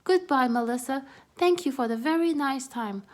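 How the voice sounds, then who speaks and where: A woman voicing a gentle, timid female country mouse who squeaks in a fearful way. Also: normal speed, lightly acted.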